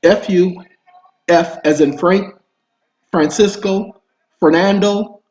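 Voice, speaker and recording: A man's voice: high voice, steady tone, slow pace, a little mellow. A man hosting an online video, talking to his viewers in a rambling, emphatic monologue. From Southern US roots. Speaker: video host. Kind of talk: casual monologue to camera. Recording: roomy, dull home recording.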